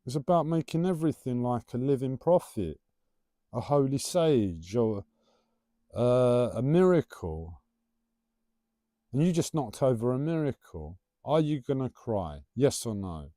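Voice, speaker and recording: A man rambling through a casual spiritual musing, his pitch rising and falling a lot as he teases. His voice is mellow and soft-edged, and the recording is dry and close. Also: very animated, measured pace, dry recording. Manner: playful, rambling, teasing. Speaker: livestreamer.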